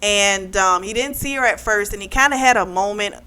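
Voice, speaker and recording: A woman's voice: a little fast, clean tone. A woman vlogger giving a casual, chatty recap of a novel, full of "like" and "um" as she retells the plot. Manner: animated retelling, acting out characters' lines with a raised pitch; chatty, peppered with "like" and "um". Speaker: book club vlogger.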